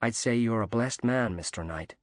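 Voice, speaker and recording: A man's voice: medium pitch, moderate pace, no echo, studio quality, lightly acted. A man voicing a cheery, emphatic American woman diver, read in an audiobook.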